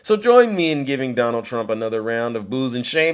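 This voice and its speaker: A man hosting a political commentary live stream, mocking and animated, talking straight to his viewers. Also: medium pitch, fairly quick, clear, resonant tone.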